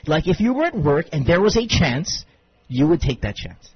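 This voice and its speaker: A man hosting a morning radio show, teasing and arguing his point in animated banter. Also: high voice, brisk, breathy edge. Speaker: radio host. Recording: dull lo-fi radio broadcast.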